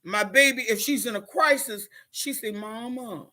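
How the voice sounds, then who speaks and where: A middle-aged motivational speaker shares her story in an emotional live-stream testimony, addressing viewers directly in a heartfelt, preachy manner. Her voice is a little high with a sharp tone, at a moderate pace.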